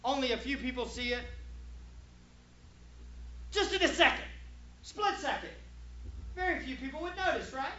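A man preaching a sermon as pastor, emphatic, moving from hushed asides to shouted points. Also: very high-pitched, lo-fi sound.

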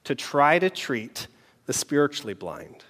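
Man, preacher, sermon, earnest, measured pauses, lingering reverb. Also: mid-range voice, big pitch swings, fairly bright tone. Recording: long hall reverb.

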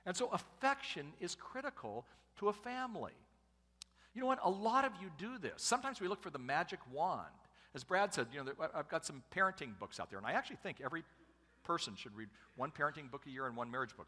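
Lively, bright-voiced man preaching in a hall. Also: a little high, fast. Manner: humorous, conversational preaching with asides to the congregation. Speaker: pastor and family speaker. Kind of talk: sermon.

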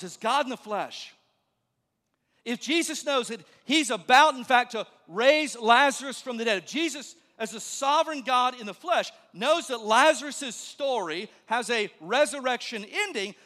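High, bright-voiced pastor preaching in a hall. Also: male voice, lively intonation, measured pace. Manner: conversational and joking, with sudden hushed emphasis. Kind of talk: sermon. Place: church sanctuary. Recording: long reverb of a large hall.

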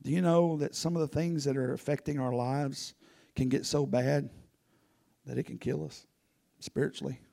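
A man preaching a sermon, telling a folksy story that swings from loud to hushed. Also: medium pitch, fairly even intonation, moderate pace, gravelly. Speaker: pastor.

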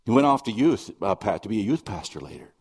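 Husky-voiced man preaching earnestly. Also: fairly low pitch, sing-song, fast, big-room sound. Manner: earnest, conversational preaching with storytelling and asides. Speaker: pastor. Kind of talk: sermon.

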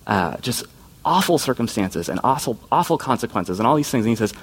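A man giving a sermon as a youth pastor. His voice sits at an ordinary middle pitch, and his delivery is earnest and informal, with everyday asides. He often drops into quoted voices while he teaches. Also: big pitch swings, fairly quick, slightly rough. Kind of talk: conversational sermon.

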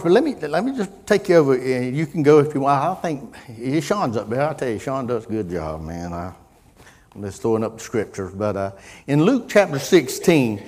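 A middle-aged man preaching a sermon, folksy in tone, moving from quiet musing to loud impassioned preaching. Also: medium pitch, big-room sound. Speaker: pastor.

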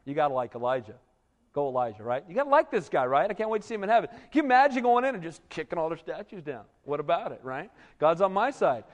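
A man's voice: fairly high pitch, fast talker, in a large hall. A man preaching a sermon as a pastor, talking conversationally and often tossing "right?" to the congregation. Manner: animated, conversational preaching with frequent "right?" asides. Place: church.

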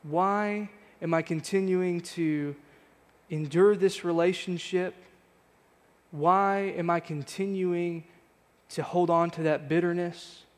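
Pastor, a man in his thirties, with a fairly high voice and an earnest, searching sermon delivery in a church hall with long reverb. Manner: earnest, reflective, repeating rhetorical questions. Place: church sanctuary.

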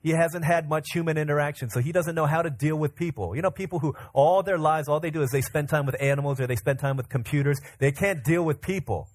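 A pastor preaching a sermon, retelling a story in a lively way with restarts and fillers. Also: male voice, on the high side, fast, hardly any pauses.

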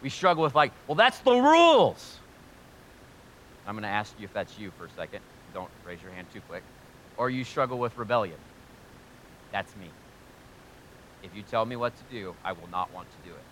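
A man preaching a sermon to a live congregation, energetic and joking, asking them questions directly. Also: lowish voice, a little fast, long pauses, a little hiss or hum. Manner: energetic, joking and talking straight to the audience. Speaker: pastor.

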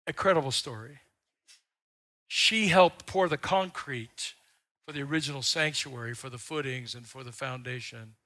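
A middle-aged pastor with a mid-range voice preaches a sermon, telling folksy stories and swelling loud on the key lines.

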